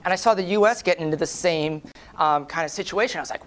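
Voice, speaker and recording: Man, conference speaker, high voice, rapid pace, animated storytelling, profane. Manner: animated, profane, tag questions like "right?"; acts out quoted voices. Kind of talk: lively storytelling presentation.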